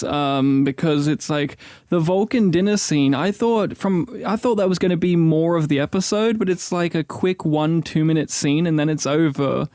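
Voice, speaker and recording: A man's voice: a little high, a little mellow, dry recording. Chatty man on a dry mic. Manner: chatty, many fillers and quick asides. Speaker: podcast co-host. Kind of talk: casual chat.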